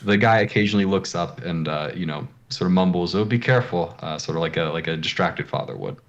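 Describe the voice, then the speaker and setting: Deep-voiced guy gm'ing a tabletop game, lots of ums and uhs as he describes stuff. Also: quick pace, muffled recording. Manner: hesitant, many ums and uhs. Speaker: game master.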